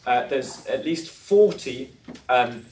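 A man's voice: mid-range voice, lively intonation, slow, a little mellow, echoey room. A man giving a preaching talk to a live audience, telling stories with self-deprecating humour and asking the crowd questions. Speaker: conference speaker. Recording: distant mic with faint noise.

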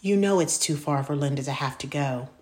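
A woman's voice: sits low, brisk, darkish tone, lightly acted. A woman voicing a caring mother who coaxes her son and drops Spanish endearments. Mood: coaxing. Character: warm bilingual mother, caring, persuasive.

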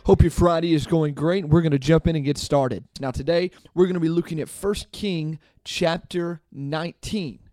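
A man with a slightly high voice hosts a devotional podcast, reading a passage and then unpacking it in an easygoing, chatty way. He keeps checking in with the listener as he goes. The sound is close and dry, with no room around it. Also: normal speed, few pauses, mellow, no room sound. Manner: casual and conversational, often adding "okay?". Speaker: podcast host and Bible teacher. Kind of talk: devotional Bible talk.

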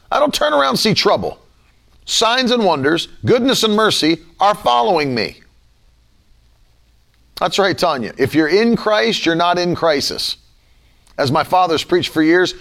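Male preacher, high lively voice, emphatic repeating declarations, online sermon. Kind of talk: livestreamed sermon.

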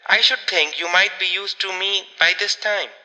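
A man reading a story aloud, voicing a forceful grown man who speaks brusquely and then breezily. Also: high voice, normal speed, long reverb tail, rough recording. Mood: breezy.

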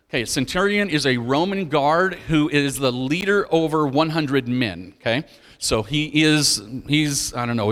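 Animated preacher man in a reverberant hall. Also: a little high. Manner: reads scripture aloud and explains it, asking the listeners questions. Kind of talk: sermon.

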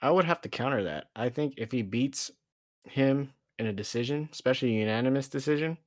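Man, medium pitch, casual sports chat, laughs a lot, dry close sound. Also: a little fast, no room sound. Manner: laughs often while talking.

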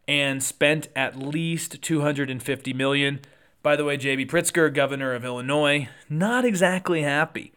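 A man hosting a solo political podcast, talking through the news conversationally with quick asides and self-corrections. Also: medium pitch, fairly bright tone, clear, resonant tone.

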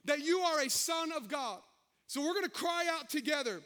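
Man, pastor preaching a sermon, very high voice, bright tone, animated, folksy asides. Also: normal speed. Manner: animated preaching, shouting calls to the congregation.

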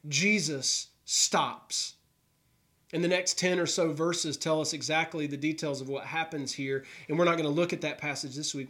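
Male pastor, sermon delivery, earnest narrative style, slightly high-pitched. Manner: earnest storytelling, voicing characters' thoughts. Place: New York.

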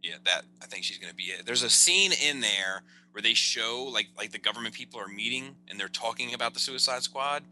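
A man co-hosting a podcast in casual movie chat, talking fast with lots of stammered restarts. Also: medium pitch, animated, bright, forceful tone. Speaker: podcast co-host.

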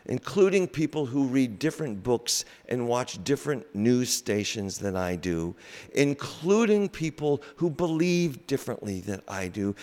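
A man preaching a sermon slowly and reflectively, with pauses. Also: medium pitch, a little mellow. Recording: long reverb in a large hall.

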